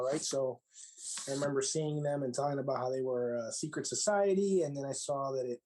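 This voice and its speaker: Animated man telling stories on a podcast. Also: mid-range voice, poor audio. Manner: animated, frequent "right?" asides, mixes in Spanish phrases. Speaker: podcast guest, lodge master. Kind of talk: casual storytelling interview.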